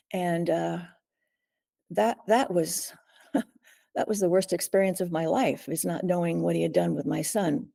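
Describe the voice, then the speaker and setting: Gravelly older woman, halting. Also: fairly low pitch, dark tone. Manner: halting and earnest, frequent throat clearing and pauses. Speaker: guest, survivor and author. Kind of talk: recounting a personal ordeal in an interview.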